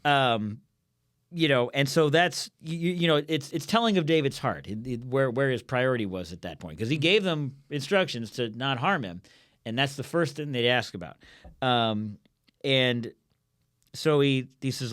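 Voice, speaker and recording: Lively man acting out Bible scenes. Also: mid-range voice. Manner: animated, acts out biblical characters in quick voices. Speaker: co-host of a Bible study podcast. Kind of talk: casual Bible study chat and scripture reading.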